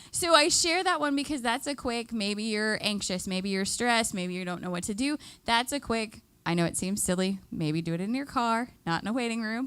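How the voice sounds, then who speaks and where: An extension educator with a higher, slightly bright, clear and resonant voice leads a live workshop for seniors, recorded with no room sound. She's chatty and upbeat, guiding the group through exercises and laughing often.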